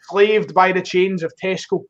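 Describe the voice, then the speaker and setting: A man chatting casually as a guest on a fan football stream, animated and self-mocking. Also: sits high, normal speed, highs cut off. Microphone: online voice call.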